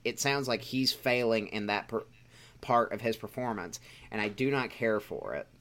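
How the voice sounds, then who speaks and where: Man, bright tone, opinionated, argumentative, casual chat. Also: fairly low pitch, moderate pace. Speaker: podcast co-host.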